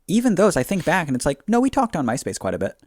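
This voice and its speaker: A man's voice: a little high, wildly swooping pitch, fast talker, dry recording, studio quality. A man co-hosting a casual podcast, giving rambling, jokey dating advice from a remote setup. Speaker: podcast co-host. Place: remote recording, long distance.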